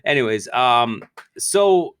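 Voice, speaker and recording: A man with a Southern California accent, co-hosting a podcast in a casual, laid-back stoner drawl, mildly high and full of "dude" and "bro". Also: animated, takes it slowly, a bit bright, clean tone. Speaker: podcast co-host. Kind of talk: casual chat.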